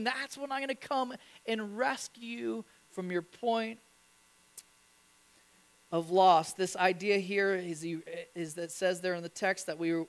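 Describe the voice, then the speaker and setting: A middle-aged man preaching a sermon in church, telling stories with lively acted-out voices and repeated phrases. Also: high voice, unhurried. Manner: animated storytelling, acts out voices, repeats phrases. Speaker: pastor.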